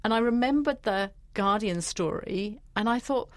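A woman's voice: fairly high pitch, normal speed, no room sound. A woman journalist, talking animatedly in a radio interview. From New Zealand.

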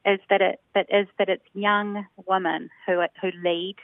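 A woman's voice: medium pitch, level tone, moderate pace, creaky, no room sound. A New woman, a sociolinguist, explaining ideas thoughtfully on a radio phone interview, with many hesitations. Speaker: sociolinguist guest. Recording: tinny phone line.

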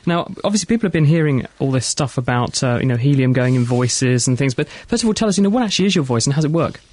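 A man's voice: medium pitch, lively intonation, fast talker, darkish tone. A British man presenting a live radio science show, chatty and jokey. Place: radio studio.

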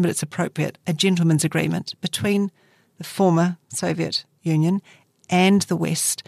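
A middle-aged New woman, a journalist, appears as an interview guest, reflecting thoughtfully in a fairly low, gravelly voice with many fillers and restarts. The audio is close and dry, with no echo.

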